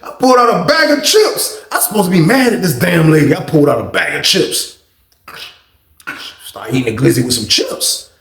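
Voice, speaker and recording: A man telling a storytime vlog story in casual slang, animated and getting louder when excited. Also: a little high, normal speed, echoey room. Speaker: storytime vlogger.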